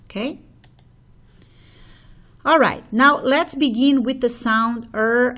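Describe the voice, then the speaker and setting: Slow, patient woman teaching phonology. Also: mid-range voice, fairly bright tone. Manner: slow, step-by-step explaining with frequent "okay?" checks. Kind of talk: phonology lesson at a board.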